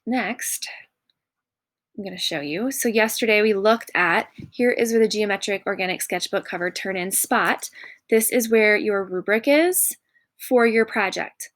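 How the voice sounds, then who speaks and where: A woman's voice: mid-range voice, unhurried, fairly bright tone, no echo. A woman art teacher talking through student examples in a recorded lesson, encouraging and pointing things out one by one. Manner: encouraging, repeats "notice" while pointing out examples. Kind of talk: recorded classroom lesson walkthrough.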